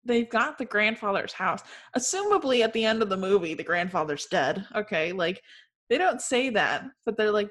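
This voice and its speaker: A young woman co-hosting a casual chat, animated and joking, often laughing. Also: medium pitch, normal speed.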